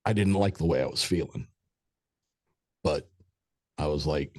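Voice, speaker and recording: Middle-aged man, very low voice, dry close sound, rambling and profane storyteller. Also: a little slow, dry recording. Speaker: podcast guest. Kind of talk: casual storytelling.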